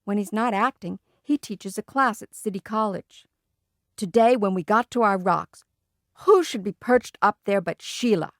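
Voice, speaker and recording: A woman reads a children's book aloud in a plain, steady storytelling voice. Her pitch is middling. The recording is dry and close. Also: normal speed, no echo. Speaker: audiobook reader.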